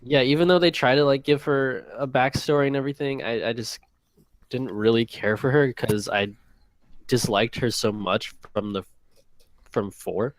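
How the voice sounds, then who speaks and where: A man co-hosting a gaming podcast, talking hesitantly with many pauses and fillers. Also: medium pitch, no echo, poor audio. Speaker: podcast co-host. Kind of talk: casual chat.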